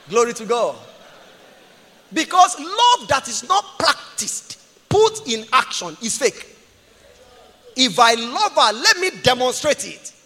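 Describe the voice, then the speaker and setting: A man preaching a sermon as a pastor, impassioned, swinging between shouts and quiet asides. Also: very high-pitched, big-room sound. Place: church.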